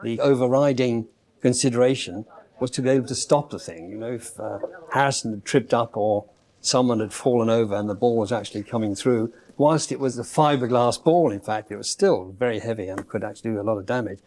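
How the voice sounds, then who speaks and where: A man's voice: mid-range voice, brisk, darkish tone. A man, a prop designer, explaining his work in a documentary interview, speaking measuredly with many hesitations.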